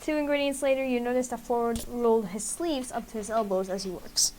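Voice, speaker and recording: A woman's voice: fairly high pitch, steady tone, brisk, a little mellow, slight background noise. A woman streamer reading a dating game aloud in a casual, chatty way. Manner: casual, chatty narration with laughs and asides.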